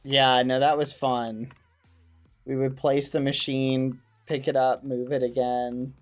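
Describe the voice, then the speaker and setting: Slow-talking excitable male streamer. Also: mid-range voice, faint music behind. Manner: excitable, talks to his chat; wholesome, avoids swearing. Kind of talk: casual gaming livestream chat.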